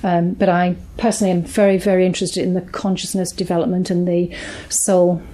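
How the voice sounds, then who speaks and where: A woman's voice: on the low side, little pitch movement, fairly quick. Rambling British woman hosting a meeting. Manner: rambling, warm thanks with frequent fillers. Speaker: meeting organiser. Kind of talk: addressing a small meeting.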